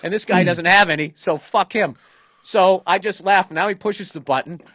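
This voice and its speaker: A middle-aged man with a Boston accent tells a rambling comic story in casual podcast chat, cursing often and slipping into the voices of the people he describes. His voice sits a little high for a man. The sound is close and dry, with no room around it. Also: normal speed, dry recording. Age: 50s. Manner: profane, animated storyteller, acts out other people's lines. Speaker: comedian, podcast host.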